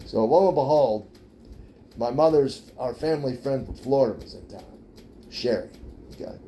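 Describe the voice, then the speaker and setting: A man's voice: mid-range voice, mellow, slight background noise. A man casually telling a personal story to his viewers, rambling and repeating words as he goes.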